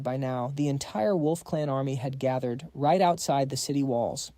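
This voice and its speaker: A man's voice: medium pitch, normal speed, few pauses, dark tone, no echo. A man narrating a story recap in a dramatic, breathless storytelling manner.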